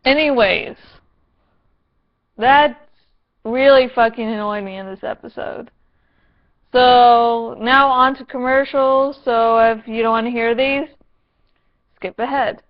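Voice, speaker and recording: Slow, sarcastic woman vlogger. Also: a little high, steady tone, highs cut off. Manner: sarcastic, profane, playful. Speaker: vlogger reviewing a TV episode. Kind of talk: casual review vlog.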